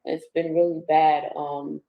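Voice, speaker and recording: Give me a woman guest who speaks in a flat, even tone, soft and halting, with the emotion close to the surface. Her voice sounds roomy and echoey, as if she is a few feet from the mic. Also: sits low, creaky, phone-quality sound. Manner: soft, halting, with many pauses. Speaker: poet and activist guest. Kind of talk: interview answers.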